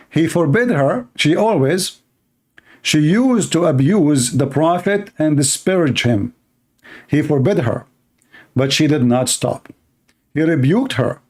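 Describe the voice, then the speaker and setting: Scornful man, fairly high voice. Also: a little mellow. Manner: blunt, scornful, uses insults. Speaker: host commenting on a video clip. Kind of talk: heated commentary.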